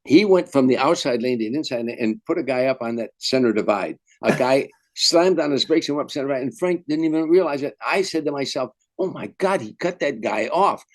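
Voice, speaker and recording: An older man, a veteran comedian, telling lively anecdotes in an interview and acting out the voices of people in his stories. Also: mid-range voice, brisk, hardly any pauses. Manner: animated storyteller, acts out quotes. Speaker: guest comedian. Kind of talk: storytelling interview.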